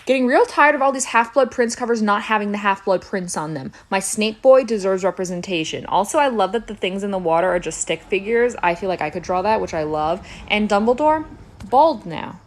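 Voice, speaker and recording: A woman's voice: mid-range voice, lively intonation, a little fast. A young woman giving comedic reaction commentary, wry and playful, full of sarcastic asides. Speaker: YouTuber.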